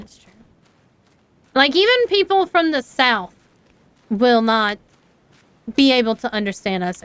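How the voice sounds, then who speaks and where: A woman's voice: high-pitched, fairly bright tone, clean tone, no room sound. A young woman with an Appalachian accent, chatting casually and rambling while streaming a game, laughing often. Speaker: VTuber streamer.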